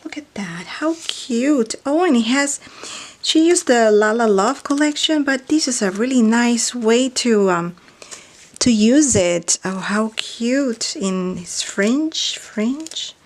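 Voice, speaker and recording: A woman chatting casually while unboxing mail, gushing and exclaiming over each item and often dropping to a soft near-whisper, indoors at night. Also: a little high, lively intonation, slow pace. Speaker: craft vlogger unboxing mail.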